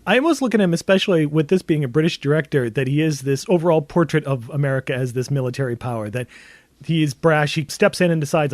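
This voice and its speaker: A man co-hosting a film podcast talks quickly and eagerly, often breaking into laughter. His voice sits a little high for a man. The sound is dry and close, with no room echo. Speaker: podcast co-host. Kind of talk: casual film discussion.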